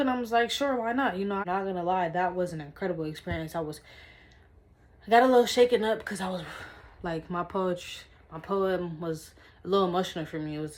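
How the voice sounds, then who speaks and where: A young woman with a slightly low voice vlogs from her own room. She chats casually and excitedly to her viewers, circling back and repeating herself as she talks. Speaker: vlogger. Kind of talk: casual vlog chat. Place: her room indoors, dimly lit.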